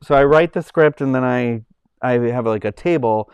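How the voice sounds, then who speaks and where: A man's voice: mid-range voice, moderate pace, creaky, a little mellow, smooth, dry recording. A man hosting a casual livestream from home, rambling loosely with lots of likes and ums. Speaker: livestream host. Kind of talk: casual chat.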